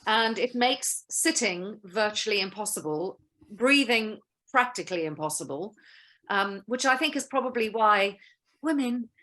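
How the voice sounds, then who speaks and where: A guest actress with a mid-range voice speaks at a moderate pace in a casual video-call interview. She's a lively, playful storyteller who laughs often as she shares her stories.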